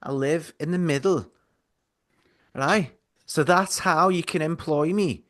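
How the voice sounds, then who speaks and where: A man's voice: a little high, slow, fairly bright tone. A man voicing a blunt, bossy female podcast producer in a scolding drawl. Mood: jokey.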